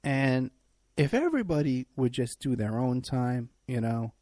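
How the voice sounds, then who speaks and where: A man's voice: medium pitch, very animated, unhurried, dark tone, dry recording. A man hosting a talk show, delivering a mocking, rambling monologue full of restarts. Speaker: talk show host and private investigator.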